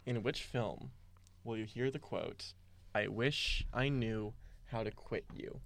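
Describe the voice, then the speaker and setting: A young man hosting a casual movie trivia game, reading questions slowly and deliberately. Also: lowish voice, vocal fry, fairly bright tone. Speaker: quiz host.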